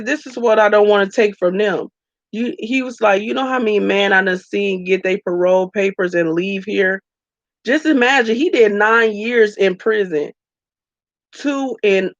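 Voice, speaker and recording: A woman's voice: mid-range voice, vocal fry, no room sound, highs cut off. A woman vlogger speaking candidly and tearfully to her viewers, calling them y'all, in an emotional personal vlog.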